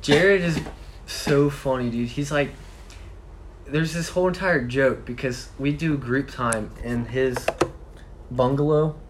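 A man's voice: medium pitch, slow, background noise. A teenage boy chatting casually and chiming in with quips and slang. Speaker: friend in chat. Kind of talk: casual chat.

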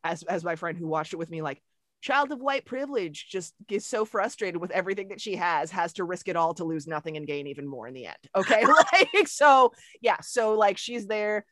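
A woman co-hosting a podcast in casual chat, talking fast and animatedly with frequent swearing. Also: on the low side, no room sound, clean studio sound. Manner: animated, profane, quick-talking. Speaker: podcast co-host.

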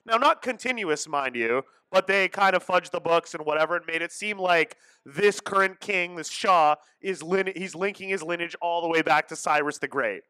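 Man, podcast co-host, high pitch, dry sound, explanatory casual chat. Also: normal speed, hardly any pauses, pushed and bright, clean tone, no room sound.

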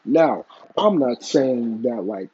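Male commentator, mellow and a bit raspy, swearing freely while speaking his mind, on a dull lo-fi mic. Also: medium pitch, animated, slow. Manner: blunt, profane, opinionated. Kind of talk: casual opinion commentary.

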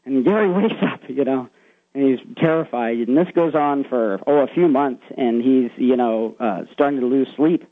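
A man's voice: mid-range voice, normal speed, no echo. A man calling into a radio show, retelling a secondhand ghost story in a rambling way and putting on spooky voices for the quotes. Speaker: caller. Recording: thin, tinny phone line.

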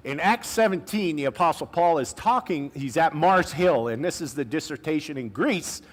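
A man with a slightly high voice delivers a sermon as a pastor. He talks to the congregation in a loose, chatty way, full of asides and slang. Now and then he slows right down to lean on a key phrase. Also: expressive. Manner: conversational, with casual asides and slang; preaching with slow emphatic stresses on key phrases.

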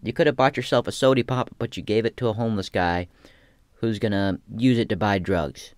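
A man's voice: on the low side, brisk, dry recording. A young man talking in a casual rambling monologue, slangy and profane, with lots of restarts. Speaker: aspiring comedian.

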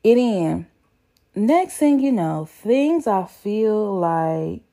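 A young woman, telling a story to her viewers in a chatty, slangy, animated way. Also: mid-range voice, very slow. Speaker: vlogger. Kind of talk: casual storytelling to camera.

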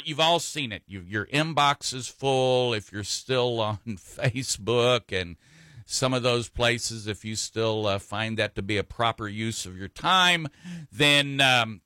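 A man hosts his radio talk show in a casual, rambling way, full of fillers and restarts. His voice is bright and forward. The sound is dry and close, with no room around it. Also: medium pitch, no room sound. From Texas.

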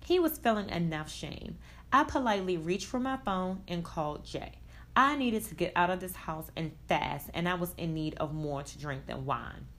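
A woman reading a first-person story aloud in a blunt, expressive way, with casual swearing. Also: on the low side, normal speed. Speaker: reader.

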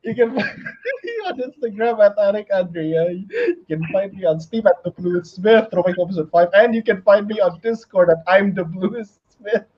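A man's voice: high voice, expressive, normal speed, husky. A man co-hosting a casual podcast, laughing and firing off exasperated quips. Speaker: podcast co-host. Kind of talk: casual chat. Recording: dull lo-fi call audio.

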